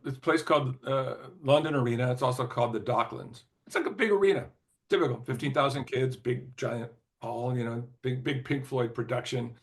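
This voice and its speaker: Older male interview guest with a mid-range voice, storytelling, throat-clearing, filler-heavy, chuckling. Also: medium pitch, brisk. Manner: lively, laughs often, many "you know" fillers and restarts. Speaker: interview guest, former record executive. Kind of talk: anecdotal storytelling in conversation.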